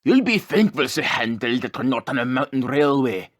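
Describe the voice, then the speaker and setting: A man voicing a calm, knowing old male engine who teases the others in a measured, chuckling way. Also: mid-range voice.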